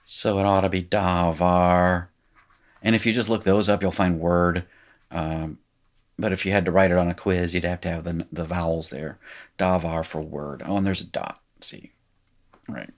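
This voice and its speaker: Low-voiced rambling male Hebrew teacher. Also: normal speed. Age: middle-aged. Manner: rambling, self-correcting, talks while writing. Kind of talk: informal recorded lecture, working exercises.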